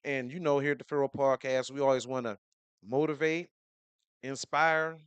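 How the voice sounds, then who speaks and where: A man's voice: medium pitch, steady tone, moderate pace, clear, resonant tone, dry recording. A man hosting a podcast in casual chat, laid-back and fond of telling stories, repeating words as he goes. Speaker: podcast host.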